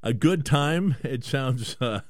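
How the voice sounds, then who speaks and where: A man hosting a talk radio show, animated and rambling, often stammering and repeating words. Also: mid-range voice, slow, dry recording, studio quality. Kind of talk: casual talk radio banter.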